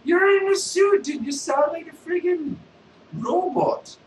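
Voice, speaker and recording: A man's voice: very high-pitched, animated, unhurried, roomy sound, distant mic, noisy background, pitched above the performer's own voice. A man voicing a pushy male street beggar who keeps demanding things. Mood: mocking. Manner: nagging and demanding.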